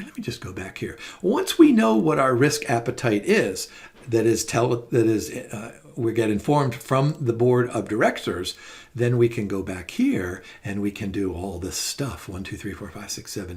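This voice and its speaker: A middle-aged man lecturing on finance in a relaxed, conversational way. He leans on stories and rhetorical questions to carry his points. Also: fairly low pitch. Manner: chatty, anecdotal, rhetorical questions. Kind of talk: recorded lecture.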